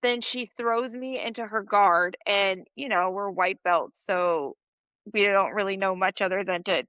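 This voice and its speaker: A woman in her thirties tells a story with animated energy and frequent laughter. Her voice is bright and clear, in the middle of her range. The recording is dry and close, with no room echo. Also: mid-range voice, unhurried. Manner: animated, laughs often while telling a story. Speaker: podcast guest. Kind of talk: storytelling in a casual interview.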